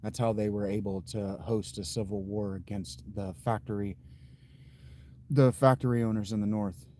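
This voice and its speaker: A man with a lowish, mellow voice hosts a livestream, answering his chat in a slow, dry, blunt way. He thinks out loud, trailing off and restarting his sentences. A faint hiss of noise sits under the recording. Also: fairly even intonation. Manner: unhurried, thinks aloud with fillers and restarts. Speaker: livestream host. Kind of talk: casual chat reading viewer comments.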